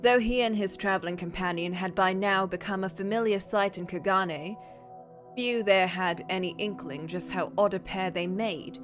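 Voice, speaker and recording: A woman's voice: medium pitch, fairly even intonation, moderate pace, soft background music. A woman streamer reading a story aloud in a casual way, with playful, chatty asides.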